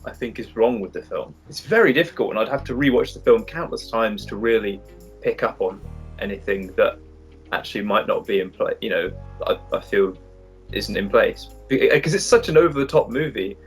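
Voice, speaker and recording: Halting man in a movie chat. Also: on the low side, slightly rough, soft background music. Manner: halting, with many restarts. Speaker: co-host.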